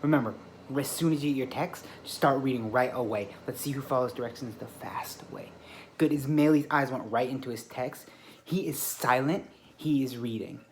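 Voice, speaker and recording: A male teacher with a mid-range voice walks a small group of children at a classroom table through calm, deliberate directions, narrating and praising their behaviour. There's slight background noise.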